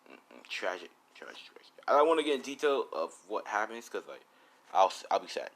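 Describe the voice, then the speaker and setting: A man's voice: on the low side, sing-song, a little fast, a bit bright. A man casually improvising a fan fiction story, rambling with lots of fillers and the odd swear.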